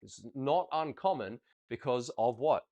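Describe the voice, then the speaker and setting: Lively, chatty male dance coach. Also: medium pitch, unhurried. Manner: lively, chatty, encouraging, counts steps aloud. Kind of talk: coaching a student over video review.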